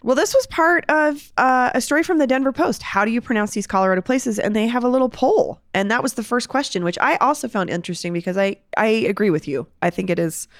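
A woman's voice: fairly high pitch, fast, hardly any pauses, no room sound, clean studio sound. A woman hosting a local news podcast, chatting casually and with energy. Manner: lively, chatty, animated. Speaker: podcast host.

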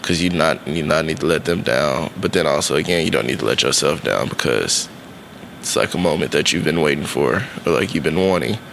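A man's voice: extremely low pitch, a little fast, gravelly, fairly bright tone, a little hiss or hum. A young man, a college football player, in casual, playful podcast chat, full of fillers and teasing. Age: young adult. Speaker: guest, college football linebacker.

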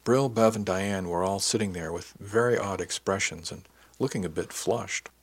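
A man reading a first-person audiobook in a measured, descriptive way. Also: sits low, breathy edge. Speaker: audiobook narrator.

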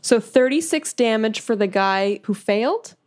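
A woman's voice: on the high side, lively intonation, normal speed. A woman playing a tabletop role-playing game in a casual, self-deprecating way. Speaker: player.

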